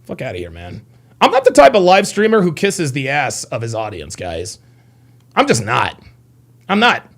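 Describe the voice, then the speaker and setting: A male live streamer answers his chat with a high, animated voice that swings widely in pitch. He rants angrily, swears freely and says the same phrase again and again. He sounds like he is talking at home into a streaming mic. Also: normal speed. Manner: angry, profane, repeats himself, talks back to chat. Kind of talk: heated livestream commentary.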